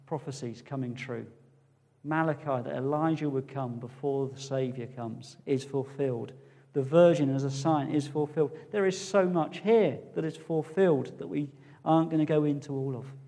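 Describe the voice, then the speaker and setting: A man preaching a sermon, repeating phrases for emphasis and building to loud declarations. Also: on the high side.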